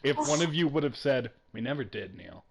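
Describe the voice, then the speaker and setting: A man hosting a gaming stream, chatting casually and excitably, laughing often as he rambles. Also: medium pitch, fairly quick, vocal fry, noisy background. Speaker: streamer host. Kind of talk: casual chat while gaming.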